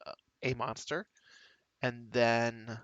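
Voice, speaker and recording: Bright-voiced male dungeon master. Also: medium pitch, little pitch movement, no echo, highs cut off. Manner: halting, full of ums and uhs, counts moves aloud. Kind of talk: narrating a tabletop game.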